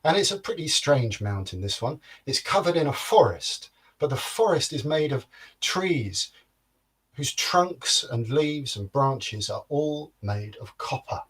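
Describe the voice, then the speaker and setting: A man telling a folktale in a lively, rhythmic storytelling manner, with playful sound words. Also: medium pitch, a little slow, slightly rough.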